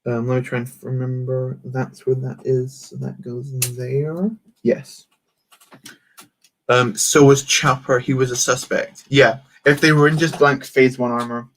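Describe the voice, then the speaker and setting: A young man talks casually while streaming a build, with a middle-pitched voice. He rambles, reads chat aloud and fills gaps with ums and half-started words. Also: little pitch movement, measured pace, fairly bright tone, slight background noise. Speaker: live streamer building Lego.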